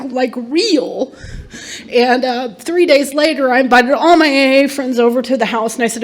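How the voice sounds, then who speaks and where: A middle-aged woman speaking at a recovery meeting, telling her story in an earnest, emphatic way. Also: a little high. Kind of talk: personal testimony talk.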